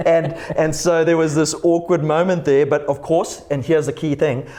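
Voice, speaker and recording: A man's voice: fairly high pitch, little pitch movement, unhurried, mellow. A middle-aged man co-hosting a casual church conversation, telling personal anecdotes and chuckling as he talks. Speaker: church podcast co-host.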